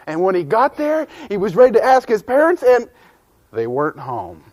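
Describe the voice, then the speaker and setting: A man telling a children's story in an animated, folksy way, with asides to the listeners. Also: sits high, moderate pace.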